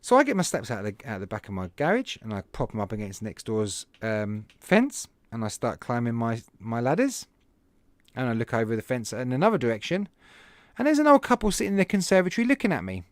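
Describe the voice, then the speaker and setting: A man's voice: medium pitch, fast talker, no echo. Guy rambling thru a funny story on his podcast, bouncy up-and-down voice, dry sound. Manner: animated, rambling anecdote with self-deprecating asides. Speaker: podcast host. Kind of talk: casual storytelling to a live chat. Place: at home.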